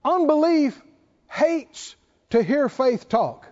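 A male preacher giving an animated sermon, reading scripture aloud and acting out the quotes. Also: very high-pitched, slow pace. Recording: dull recording in a reverberant hall.

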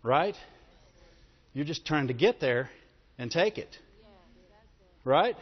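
A male preacher delivers an emphatic sermon in a notably high voice, pressing his listeners with call-and-response questions. His words ring out with a long reverberant tail, as if filling a large hall. The recording itself sounds dull and lo-fi. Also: animated, slow pace. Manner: emphatic, calls for audience response.

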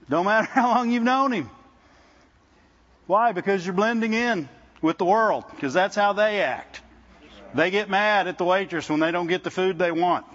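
A man preaches in a loose, conversational way, often stumbling and repeating words before going on. His voice sits high for a man, and he keeps turning to the congregation with "Amen?" The recording sounds muffled and lo-fi. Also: fairly bright tone. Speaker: visiting preacher. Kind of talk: sermon. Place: church service with congregation.

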